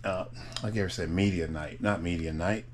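A man's voice: sits low, steady tone, moderate pace, slight background noise. A man, chatting casually and laughing easily as an RV travel vlogger. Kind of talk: casual chat to camera.

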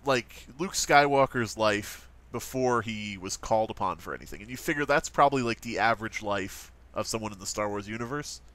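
A man's voice: lowish voice, animated, a little fast, few pauses, a bit bright. A man co-hosting a casual chat, joking and laughing often. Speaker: co-host.

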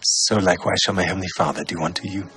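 A man giving a solemn, measured reading of the gospel in old-fashioned English. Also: low-pitched, steady tone, pushed and bright. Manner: measured, unhurried phrasing. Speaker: scripture reader.

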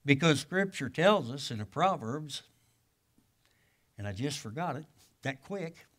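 An older man, a guest pastor, preaching a sermon in a folksy storytelling way, with casual grammar, swinging from loud exclamations to hushed asides. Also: fairly high pitch, lively intonation, unhurried. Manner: colloquial grammar.

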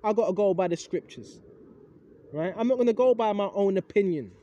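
A man's voice: high voice, lively intonation, brisk, mellow, highs cut off. A man giving an informal, rambling Bible lesson, emphatic and swearing casually, forever asking "right?". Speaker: preacher.

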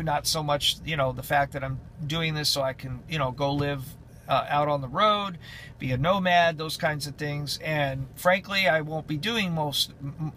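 A man's voice: on the high side, pushed and bright, slight background noise. A man who drives runs chatting casually in a vlog update, rambling with many fillers and restarts. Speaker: truck driver vlogger.

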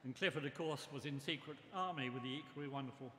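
An older man giving a memorial tribute speech, reminiscing in a measured way. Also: medium pitch, fairly bright tone, slight background noise. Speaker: memorial speaker. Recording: echoey hall with long reverb.

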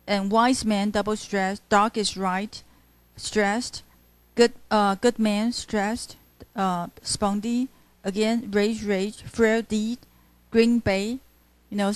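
A woman university lecturer with a Taiwanese Mandarin accent, switching between Mandarin and English in class, pausing often and stressing words as she scans poetry. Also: a little high, dry recording. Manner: halting, many "uh" fillers, stresses words while scanning poetry.

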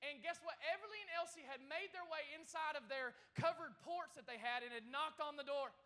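A man in his thirties preaching a sermon to a church congregation, telling a story in an animated way. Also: extremely high pitch, fairly quick, few pauses, slight background noise. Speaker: pastor. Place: church service.

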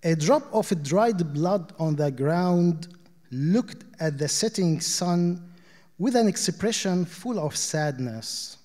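High-voiced man reading fables slowly. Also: animated, a little mellow. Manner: measured, deliberate storytelling. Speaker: reader at a literary panel. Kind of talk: reading short fables aloud. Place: arts center auditorium. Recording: long hall reverb.

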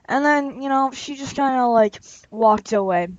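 A woman's voice: high voice, moderate pace, no room sound. A woman vlogger telling a story in a casual, chatty way, with many fillers and some laughter. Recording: dull lo-fi recording.

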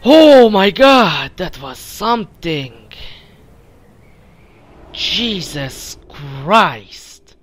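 A man's voice: high voice, sing-song, extremely slow, long pauses, faint music behind. A man doing let's play commentary, taunting enemies and talking to himself as he plays. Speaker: gamer, let's play host. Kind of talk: gameplay commentary.

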